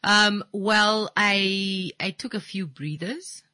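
A woman with a Namibian English accent hosting a casual radio talk show, animated and teasing. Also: medium pitch, slow pace, no room sound. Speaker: radio host.

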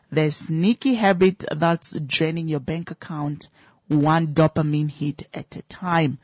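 A woman hosts a radio show. She speaks in a low, deep voice and chats easily with many fillers. The sound is close and dry. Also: no echo. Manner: chatty, many fillers, asks listeners questions. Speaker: radio host. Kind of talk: casual radio talk.

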